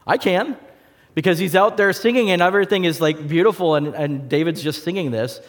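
A man preaching a sermon to a congregation, telling stories in a lively way and acting out the voices. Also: a little high, fairly quick, in a large hall. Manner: animated storytelling, acts out voices.

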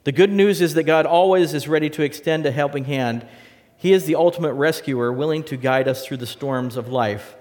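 A man preaching a sermon with illustrations and a closing prayer, talking earnestly, rising for emphasis and dropping soft. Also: on the high side, a little fast, long reverb tail.

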